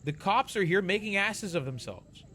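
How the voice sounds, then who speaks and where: A man's voice: high-pitched, lively intonation, moderate pace, sharp tone, a little hiss or hum. A man giving casual commentary over a video, explaining at length, restarting his sentences, and openly scornful of police. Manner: explanatory, restarts and corrects himself; blunt, scornful toward police. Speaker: commentator reacting to footage.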